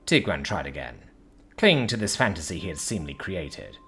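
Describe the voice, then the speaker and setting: Lower-voiced male narrator, husky, very animated delivery, web fiction reading. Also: fairly quick. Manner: expressive, casual storytelling. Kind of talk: audiobook story narration.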